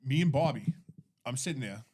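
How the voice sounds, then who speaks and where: A man telling a profane, lively anecdote on a podcast. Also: medium pitch, a little fast, husky. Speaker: podcast co-host. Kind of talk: casual storytelling.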